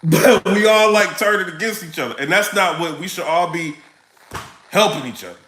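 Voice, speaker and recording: High, bright-voiced man ranting to camera. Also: normal speed, reverberant, poor audio. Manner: animated, laughing, street slang. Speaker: vlogger. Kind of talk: casual rant to camera.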